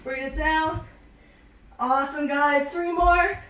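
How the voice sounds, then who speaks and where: A young Canadian fitness instructor with a high, bright voice coaches a live online home workout, out of breath and upbeat as she counts reps. Her intonation is fairly even and her pace slow. The camera sits at a distance in a small, echoey room, so her voice sounds far from the mic.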